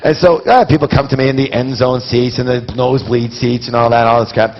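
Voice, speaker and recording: A man telling stories to a live seminar audience in an animated way, talking straight to the listeners. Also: mid-range voice, a little fast. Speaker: seminar speaker. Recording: dull lo-fi recording.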